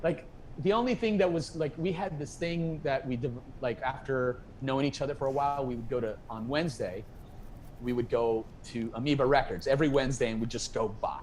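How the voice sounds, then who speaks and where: A man's voice: medium pitch, a little fast, slight background noise, poor audio. Rambling man telling a story. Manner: rambling, animated, acts out quoted dialogue. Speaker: guest musician. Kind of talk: casual storytelling interview. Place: at home.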